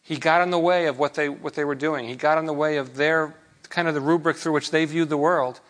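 Conversational pastor, slightly high voice. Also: male voice, fairly even intonation, a little fast, fairly bright tone. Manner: conversational, with frequent restarts and rhetorical questions. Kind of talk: sermon.

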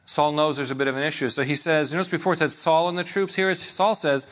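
A man with a somewhat high voice delivers a sermon. He talks in an easy, conversational way and keeps checking in with his listeners with quick questions. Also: steady tone, a bit bright. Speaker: preacher.

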